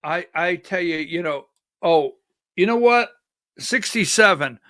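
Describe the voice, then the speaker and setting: A man's voice: sits high, lively intonation, measured pace, sharp tone, dry recording, studio quality. A man hosting a live political commentary show, agitated and exasperated, calling out instructions to his producer between remarks. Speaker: political talk show host.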